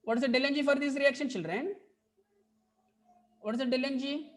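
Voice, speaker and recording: A woman's voice: high-pitched, brisk. A woman with an Indian English accent teaching a chemistry class online, repeating points and often checking whether students follow. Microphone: video call mic.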